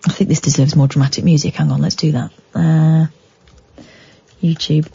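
A woman's voice: deep voice, little pitch movement, moderate pace, vocal fry, warm tone, slightly rough, dull audio. A woman hosting late-night talk radio, reading news with chatty, wry asides and mock-dramatic emphasis. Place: radio studio. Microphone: studio microphone.

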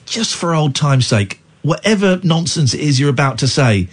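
A man's voice: fairly high pitch, sing-song, normal speed, breathy edge. A man hosting late-night talk radio, chatting with a caller and ranting indignantly about a spat online. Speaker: radio host.

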